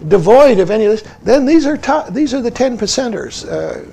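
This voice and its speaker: A man's voice: extremely high pitch, sing-song, brisk, gravelly, warm tone. A man in his seventies giving a Zen dharma talk, tossing in "see" constantly and asking his listeners questions. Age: 70s. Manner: peppers speech with "see", asks listeners questions. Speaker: Zen teacher.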